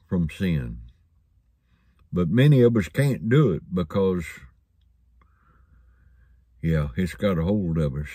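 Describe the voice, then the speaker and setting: A man's voice: sits low, expressive, slow pace, pauses often, warm tone, slightly rough, no echo, clean studio sound. A man preaching a sermon in a folksy storytelling manner, chuckling along.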